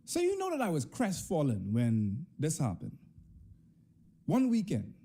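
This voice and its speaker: Young Bahamian male storyteller, animated delivery, warm dark tone. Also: unhurried, slightly rough. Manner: animated, swings between high and low pitch. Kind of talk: comic personal storytelling.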